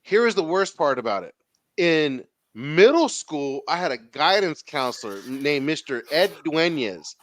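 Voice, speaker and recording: A man's voice: on the high side, big pitch swings, a little slow, fairly bright tone, dry recording. A man in his thirties with a Southern Californian accent telling a story as a podcast host, casual and profane, acting out the people he quotes.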